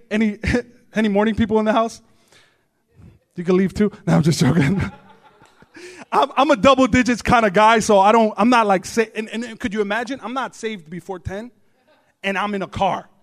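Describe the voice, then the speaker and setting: Man preacher, very high voice, lively joking sermon, loud outbursts. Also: normal speed, long pauses. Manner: animated, joking asides, bursts of shouting. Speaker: pastor. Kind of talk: humorous storytelling sermon. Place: church service before a congregation.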